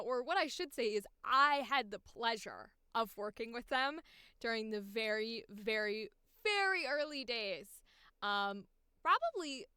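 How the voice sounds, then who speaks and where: A woman's voice: a little high, pushed and bright, smooth, dry recording, studio quality. A woman chatting casually on a live stream about her voice acting takes, often breaking into giggles. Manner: giggly, bursts into squealing laughs. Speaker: voice actor streaming auditions.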